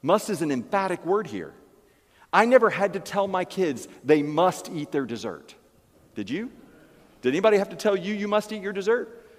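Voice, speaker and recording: A male pastor delivers an emphatic sermon and circles back to key phrases. His fairly high voice rings out with a long hall reverb in a church. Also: very animated, normal speed.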